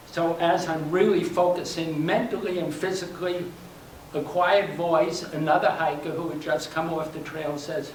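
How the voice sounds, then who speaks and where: Older male storyteller, wry and self-mocking, slightly high voice, recorded from across a roomy hall with faint hum. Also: normal speed, far from the mic. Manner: wry, self-deprecating, laughs at his own punchlines. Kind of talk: personal story performed for a live audience. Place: library workshop room.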